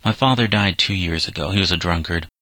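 A man's voice: deep voice, a little fast, sharp tone, dry recording. A man reading the part of a sullen, defiant seventeen-year-old runaway boy who speaks in bitter, resentful protests.

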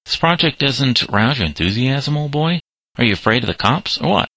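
A man's voice: low-pitched, animated, normal speed, a bit bright, dry recording. A man reading aloud, voicing a teenage boy who taunts in a mocking way. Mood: taunting.

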